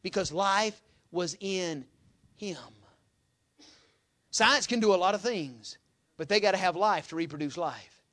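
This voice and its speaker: A man preaching a sermon in a folksy manner, reading scripture loudly and dropping to quiet asides. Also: high voice, unhurried, long pauses.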